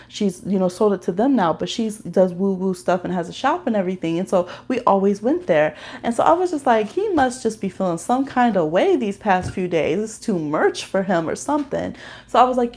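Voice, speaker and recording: Reading tarot on an informal livestream, a woman talks at a normal speed. She is tender and nurturing during the readings but gets chatty and animated when telling stories, laughing often and breaking into high squeals.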